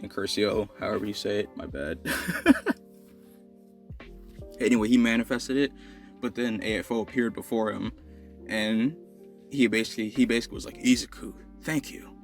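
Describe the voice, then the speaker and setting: Low-voiced young man rambling a story. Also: fast, soft background music. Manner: rambling, filler-heavy. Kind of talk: casual improvised fan story narration.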